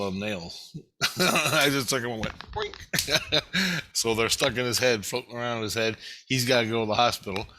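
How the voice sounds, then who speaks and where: A man's voice: fairly low pitch, pushed and bright. A man talking straight to the camera in a rambling monologue, agitated and swearing constantly. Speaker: vlogger. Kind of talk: rambling first-person monologue.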